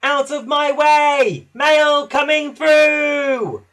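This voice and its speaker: A man voicing a small, eager male engine who speaks politely and shouts boastfully at times. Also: high-pitched, lively intonation, moderate pace, breathy edge, voice pushed up.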